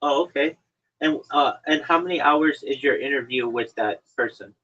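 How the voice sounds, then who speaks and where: A man's voice: medium pitch, normal speed, fairly bright tone. A man hosting a podcast over an online call, chatting casually and teasing his guest in a mock-lecturing way. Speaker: podcast host. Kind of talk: casual chat. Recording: dull lo-fi stream audio.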